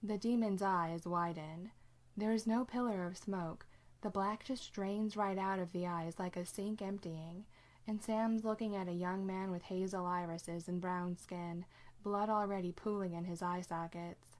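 A woman reading a story aloud in steady narration. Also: mid-range voice, a little slow. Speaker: reader.

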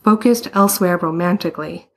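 Awkward, flustered teen boy in a story, voiced by a woman, lowish pitch. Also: a little fast. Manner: hesitant, flustered. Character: awkward, embarrassed teenage boy.

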